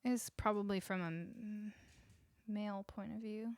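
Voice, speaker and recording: A Canadian musician speaks in a steady, unhurried mid-range voice with no room sound. Close to a studio vocal mic, she chats casually with viewers between songs on her home livestream and coos at her dog.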